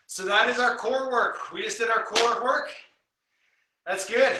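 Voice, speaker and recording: Male strength coach leading a live home workout. High, bright voice that counts reps and coaches form, recorded in a very echoey room from a distance. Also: unhurried, a little hiss or hum. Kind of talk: live guided workout instruction. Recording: very echoey room, voice from away from the mic.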